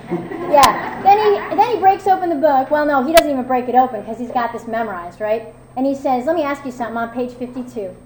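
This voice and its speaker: A woman with a twang speaks her personal testimony with a slightly high voice. She is frank and wry, full of fillers and restarts. The room around her is echoey, with faint ambience underneath. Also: fairly quick, noisy background. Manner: candid, self-mocking, conversational with many fillers. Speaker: recovery meeting speaker.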